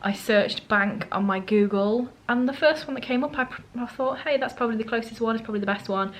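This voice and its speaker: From a holiday rental flat, a woman on a solo trip vlogs casually to the camera, acting out what others said to her. Her voice is fairly high and a little fast, captured in a low-quality recording.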